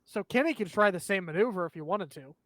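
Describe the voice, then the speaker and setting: A man's voice: high voice, expressive, quick pace, fairly bright tone, no echo. A man running a tabletop game as game master, describing the action and explaining the rules to his players.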